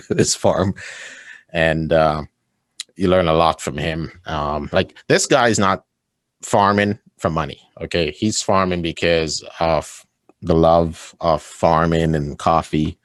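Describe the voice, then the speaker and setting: A sales coach appears as a guest on a casual interview podcast, laughing a lot and tagging remarks with "right?" in an enthusiastic way. He has a very deep voice and talks a little slowly, recorded dry with studio quality.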